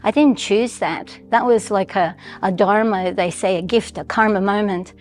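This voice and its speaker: A woman's voice: mid-range voice, slight background noise. A woman in her sixties from Colombia, with a Colombian Spanish accent touched by a slight American twang, telling her life story in a reflective, heartfelt way. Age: 60s. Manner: reflective, heartfelt, with thoughtful pauses and restarts. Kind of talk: personal storytelling.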